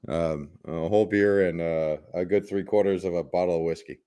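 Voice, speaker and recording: A man's voice: deep voice, steady tone, moderate pace, dark tone, smooth. A man hosting a casual livestream chat, joking and laughing as he rambles with restarts. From Germany. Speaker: livestream host.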